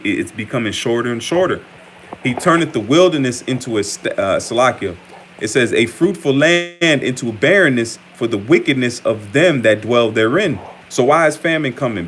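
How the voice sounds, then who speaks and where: A man's voice: mid-range voice, fairly bright tone, slight background noise. Man preaching casually, stammering often. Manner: conversational, repeatedly says "man", frequent stammers and restarts. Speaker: preacher giving an online update. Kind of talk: informal preaching with scripture reading.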